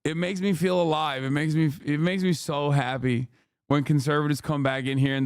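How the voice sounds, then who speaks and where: A streaming man tears into his targets with crude, mocking jabs. His voice sits a touch high and sounds smooth and crisp. The sound is dry and close. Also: steady tone, normal speed, no room sound. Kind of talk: profane live-stream rant.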